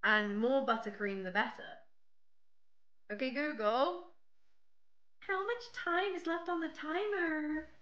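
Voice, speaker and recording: A woman's voice: high voice, slow, pauses often, fairly bright tone, highs cut off. A young British woman chatting casually with her viewers while baking on a livestream. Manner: chatty, rambling, talks to chat. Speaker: streamer. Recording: faint music behind.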